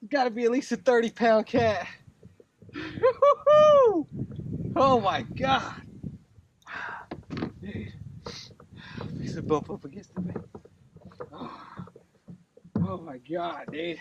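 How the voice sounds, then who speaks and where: A man, a fishing vlogger talking to camera with loud excited exclamations and free swearing, out on a lake. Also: high-pitched, slow, pauses often, dull audio. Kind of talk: excited casual narration to camera. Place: on a boat on a lake outdoors. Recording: noisy outdoor lake audio.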